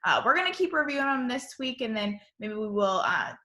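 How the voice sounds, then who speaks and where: A woman teacher giving an online lesson to young children, speaking in a slow, sing-song, encouraging way on a computer mic. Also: a little high, sing-song, pushed and bright.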